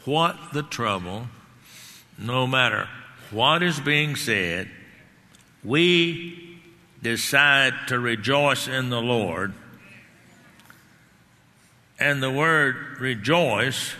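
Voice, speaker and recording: A man's voice: mid-range voice, sharp tone. A man preaching a sermon with emphatic delivery, repeating key words and rising on lines of scripture. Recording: long hall reverb.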